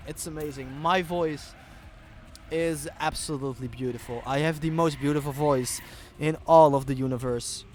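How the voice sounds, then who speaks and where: Man, esports caster, casual livestream commentary, fairly high voice, jokey, hyped. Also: normal speed, slight background noise. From Germany. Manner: excitable, joking, swears freely.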